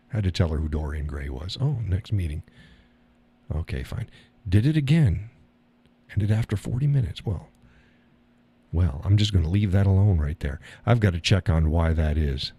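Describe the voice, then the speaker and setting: A man's voice: lowish voice, darkish tone, slightly rough, dry recording. A man hosting a live stream, chatting casually and answering his viewers with frequent laughs. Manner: rambling, laughs often, reads and answers chat.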